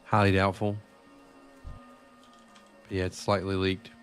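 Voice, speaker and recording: With faint music behind him, a man speaks in a low, monotone, unhurried voice. He's gaming live and chatting loosely with viewers, profane and prone to rambling.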